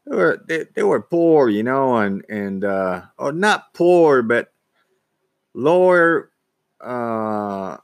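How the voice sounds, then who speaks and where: A man telling a personal story casually, halting, with frequent restarts and repeated words. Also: mid-range voice, sing-song, vocal fry, no echo. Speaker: vlogger.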